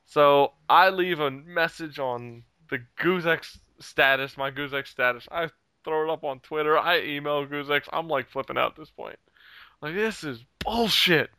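A man's voice: on the high side, moderate pace, pushed and bright, clear, resonant tone, dry recording. A man telling a heated story in casual chat, swearing freely and laughing at himself along the way. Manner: heated, profane, laughs at his own story.

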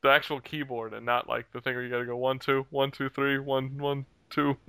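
A man's voice: medium pitch, flat delivery, normal speed, bright, forceful tone, smooth, no room sound. A man telling a heated story in casual chat, swearing freely and laughing at himself along the way. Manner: heated, profane, laughs at his own story.

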